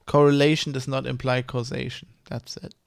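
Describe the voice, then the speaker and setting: A man's voice: mid-range voice, flat delivery, normal speed, vocal fry, no room sound, clean studio sound. A man with a mother tongue, ranting in a casual vlog, rambling and heated, with many restarts and swearing. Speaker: vlogger. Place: Germany.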